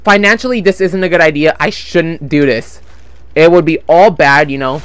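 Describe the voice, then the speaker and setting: A man's voice: fairly high pitch, normal speed, a bit bright, clear, resonant tone, no room sound. A young man chatting casually while playing a game, rambling and swearing about money troubles, on a desktop microphone at home. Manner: rambling, frustrated, swears often. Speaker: gaming channel host. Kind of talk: casual gameplay commentary. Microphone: desktop USB microphone.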